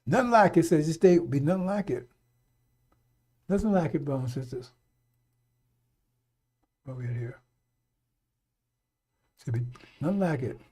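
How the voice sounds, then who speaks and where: A middle-aged man delivers a fiery, improvised radio sermon with blunt, profane exhortations that circle back to the same warning. His voice sits a little high for a man. The tone is mellow and dark rather than bright. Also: expressive, moderate pace, long pauses. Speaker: radio preacher.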